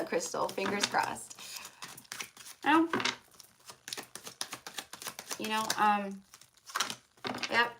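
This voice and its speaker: A woman's voice: medium pitch, expressive, slow, long pauses, noisy background. Chatty woman reading tarot live. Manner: chatty, affectionate, calls viewers love and hon. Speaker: tarot reader.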